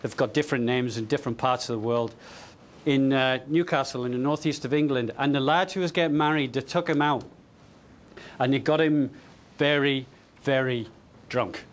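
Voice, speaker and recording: A man telling a funny anecdote to an audience, in a lively, chatty way with hesitations and repeated words. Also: medium pitch, normal speed. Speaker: speaker.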